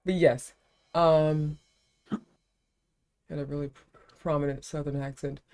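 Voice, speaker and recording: A woman's voice: deep voice, fairly even intonation, measured pace, a little mellow. A woman from South Florida with a neutral American accent, hosting a casual live-stream chat, talkative and often laughing. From South Florida, USA. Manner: chatty, laughing, calls people baby. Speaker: livestream host.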